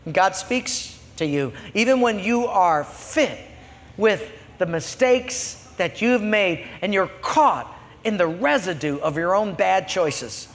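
A pastor preaching a sermon, telling a story and moving from quiet to loud passages. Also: male voice, high voice. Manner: storytelling, swinging from hushed to loud. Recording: long hall reverb.

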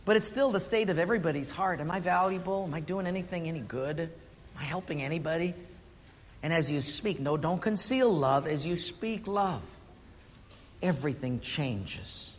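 A man preaching a sermon, telling stories and asking the congregation questions. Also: high voice. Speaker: pastor. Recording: echoey hall with faint noise.

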